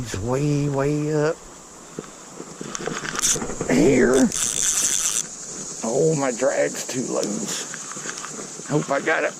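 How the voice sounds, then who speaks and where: A man, giving excited, folksy commentary to viewers while he fishes a creek outdoors. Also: medium pitch, creaky, noisy background. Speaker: fishing vlogger.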